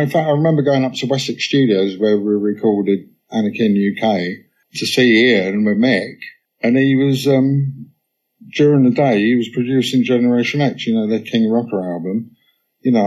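In dull audio, a musician with a lowish voice sits as a guest in an on-stage conversation. His anecdotes are chatty and full of "you know," and he slips into lively bursts whenever he quotes someone.

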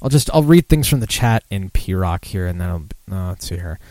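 A man's voice: low-pitched, expressive, moderate pace, a little mellow, no room sound. A man hosting a casual drinking podcast, rambling and sardonic with lots of profanity. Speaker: podcast host.

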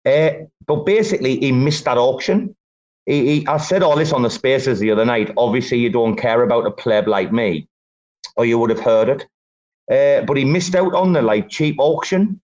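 A man's voice: mid-range voice, darkish tone, lo-fi sound. Swearing, bantering young man hosting a chat. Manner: swearing banter, laughs a lot, quick and loose. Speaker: host of the space. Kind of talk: casual crypto chat on a live audio space.

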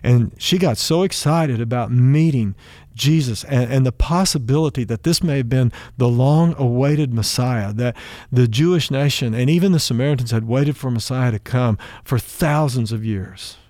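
A man's voice: mid-range voice, normal speed, a little mellow, dry recording. A male preacher giving a sermon, retelling a story in a folksy, conversational way.

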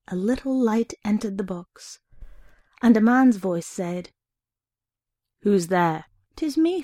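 Gravelly-voiced woman reading a story. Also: medium pitch, warm tone, no room sound, clean studio sound. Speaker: reader. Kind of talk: reading a short story aloud.

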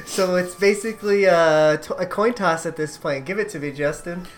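A man's voice: high voice, normal speed. Laid-back hedging male contestant. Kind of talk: casual podcast banter.

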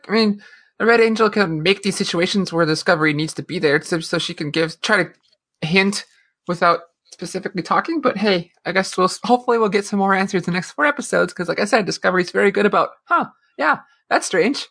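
A woman co-hosting a casual podcast discussion, retelling scenes in an animated way and acting out quotes. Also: mid-range voice, fast talker, vocal fry, breathy edge. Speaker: podcast co-host.

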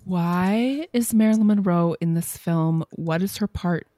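A woman with a lowish voice and a dry, close sound, speaking bluntly in casual chat. She states her opinions plainly. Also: unhurried, mellow, dry recording. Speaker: co-host. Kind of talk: casual discussion.

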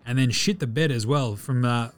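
An Australian man hosts a laid-back sports podcast, cursing and joking as he goes over player statistics, slipping in mimicry of the players. His medium-pitched voice moves at a normal speed, with faint music in the background.

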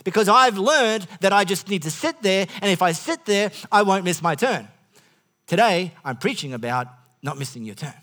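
A man's voice: high-pitched, expressive, moderate pace, bright, forceful tone. A man with an Australian accent preaching a sermon as the pastor, rambling through comic stories with frequent asides and restarts. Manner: rambling, self-interrupting storyteller with comic asides.

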